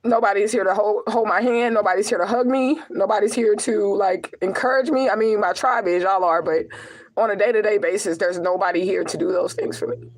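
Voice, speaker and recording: A young woman, her mid-range voice close to tears, speaks fairly quickly to her followers in an emotional personal vlog. Raw and profane, she keeps returning to the same phrases as she pleads with viewers, and the recording is rough.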